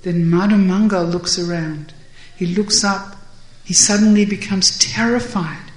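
A woman narrating a devotional story in a slow, deliberate way. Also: medium pitch, fairly even intonation, roomy sound, rough recording.

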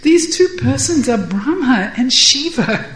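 A woman voicing a calm young male cowherd who explains and gently corrects his friends. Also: high voice, unhurried, reverberant, noisy background, voice pushed up.

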